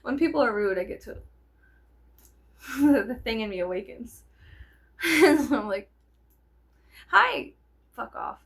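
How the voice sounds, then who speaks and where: A young adult woman vlogger telling a casual story, animated and profane, laughing often and wandering off on tangents. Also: a little high, unhurried, long pauses, breathy edge. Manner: animated, profane, digresses with many fillers.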